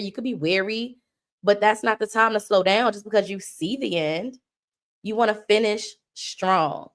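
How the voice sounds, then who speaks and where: Livestream host, woman, slow preacherly delivery, emotional and homey. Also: medium pitch, a bit bright. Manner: homey and emotional, slipping into churchy cadence. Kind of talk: mock funeral tribute on a livestream.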